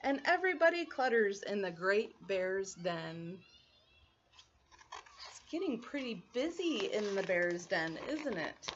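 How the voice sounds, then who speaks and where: A woman teacher reading a storybook aloud to young children, expressive and stopping to explain words. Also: medium pitch, slow, slight background noise. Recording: lo-fi muffled recording.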